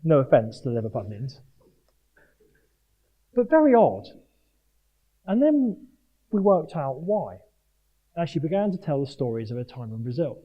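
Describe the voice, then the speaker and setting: Higher-voiced man preaching, from Jersey. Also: a little slow, long pauses, slightly rough. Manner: earnest, animated preaching with self-mocking humour. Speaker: speaker at a Christian sports event. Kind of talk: sermon. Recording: dull lo-fi live talk recording.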